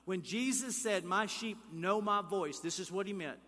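Male pastor mid-sermon, bright, slightly high voice, call-and-response with the room, church hall echo. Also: normal speed. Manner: preaching with swings between loud emphatic calls and hushed near-whispers; asks the congregation questions and leads call-and-response. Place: church sanctuary.

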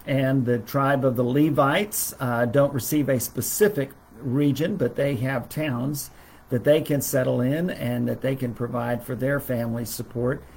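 A middle-aged preacher teaches a Bible lesson to a livestream audience. His voice sits in a plain middle range, and he talks in a halting way, stopping often on fillers and restarting his sentences. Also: mid-range voice, vocal fry, darkish tone, breathy edge.

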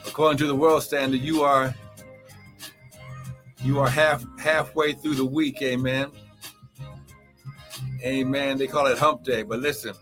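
A man preaching and praying as a pastor in a live morning service, fervent, with shouted exclamations and speaking in tongues. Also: mid-range voice, flat delivery, unhurried, pauses often, soft background music. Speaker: pastor and prophet.

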